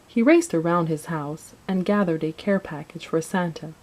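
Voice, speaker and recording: Woman reading a kids christmas story, lowish voice, gentle storybook telling. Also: normal speed, poor audio. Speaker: narrator.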